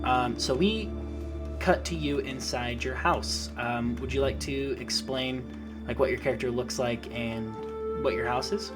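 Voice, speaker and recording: A man's voice: mid-range voice, unhurried, music in the background. A man narrating a tabletop game as its game master, in a laid-back way with many fillers and laughs.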